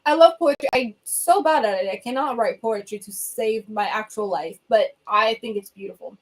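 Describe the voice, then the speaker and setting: A young woman from Venezuela with a Venezuelan accent, Spanish her first language, talks in a bubbly, chatty way on a casual livestream. Her voice sits fairly high. She speaks into a phone from a reading corner in her home. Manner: bubbly, chatty, quick asides and laughs. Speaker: livestream host.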